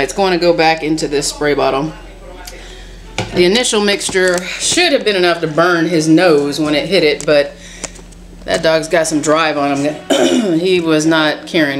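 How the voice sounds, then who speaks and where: A woman with a Southern US accent chatting casually in a home vlog, folksy and talkative, filming herself with a handheld camera. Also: sits low. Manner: chatty, folksy, says y'all a lot. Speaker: vlogger. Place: home, indoors and in the yard.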